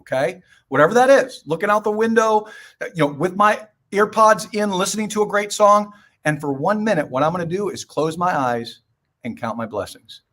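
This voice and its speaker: High-pitched, emphatic older man. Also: expressive, normal speed, a bit bright. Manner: emphatic, preachy storyteller with punchy short phrases. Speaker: guest. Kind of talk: motivational podcast talk.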